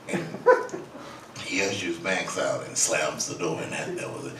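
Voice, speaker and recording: A man with a low voice tells a story at a slow, unhurried pace and acts out the quotes as he goes. He is a guest author at a public event, and the sound comes from a distance in a roomy hall. A faint hiss sits under it. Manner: leisurely, animated storyteller who acts out the quotes.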